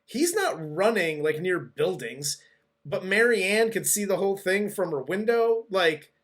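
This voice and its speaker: A man's voice: high-pitched, very animated, unhurried, fairly bright tone. Chatty man recapping a movie. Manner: rambling, loose recap with frequent restarts and laughs. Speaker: podcast co-host. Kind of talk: casual movie review chat.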